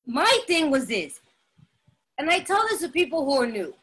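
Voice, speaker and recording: A woman with a high, bright voice tells her personal story in an animated and dramatic way, stressing her words and laughing often. She speaks straight to her listeners, as at a recovery meeting. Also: normal speed. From Latin American heritage. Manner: laughs often while talking. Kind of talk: personal testimony talk.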